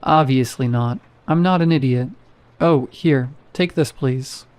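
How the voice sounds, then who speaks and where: A man voicing an apathetic male night security guard who speaks in a flat, bored monotone. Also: medium pitch, unhurried, clean tone, no room sound, close to an everyday voice. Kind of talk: horror story narration.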